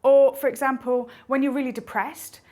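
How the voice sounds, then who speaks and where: A woman explaining inner personalities in a lively, animated motivational talk. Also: high-pitched, moderate pace. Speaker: speaker on intuition.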